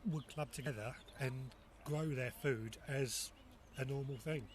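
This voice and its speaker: A man's voice: mid-range voice, unhurried, a little hiss or hum. A man chatting casually and matter-of-factly about allotments, outdoors. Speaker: allotment holder. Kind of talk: casual chat.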